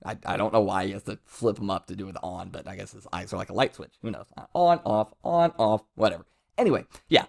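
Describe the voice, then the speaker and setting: A man's voice: fairly low pitch, quick pace, vocal fry. A man giving casual commentary as a manga reviewer, rambling with self-interruptions and amused asides.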